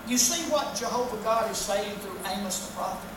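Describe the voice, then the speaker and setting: A woman's voice: mid-range voice, a little fast, few pauses, background noise. A woman preaching a sermon, emphatically reading scripture and then explaining it in plain words. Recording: echoey hall from far off.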